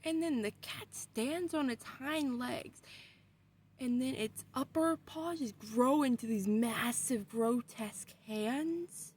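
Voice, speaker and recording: A young adult woman vlogger telling a story in a casual way, with animated delivery and frequent swearing. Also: sits high, slow, husky.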